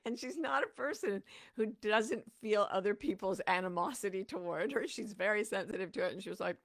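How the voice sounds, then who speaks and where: Middle-aged female podcast host, mid pitch, some vocal fry, animated storyteller. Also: normal speed, no echo, clean studio sound. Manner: animated, acts out her own inner voice. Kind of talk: reflective monologue.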